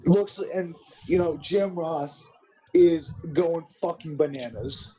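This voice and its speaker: A man's voice: fairly high pitch, takes it slowly, a little mellow, roomy sound, poor audio. A man hosting a casual chat, recapping a wrestling show, rambling, restarting his sentences and swearing often.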